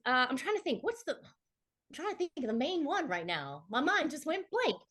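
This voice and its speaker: A woman's voice: a little high, very animated, normal speed, pushed and bright. A woman actress, a guest on a podcast, chatting casually and expressively and laughing often. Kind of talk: casual chat.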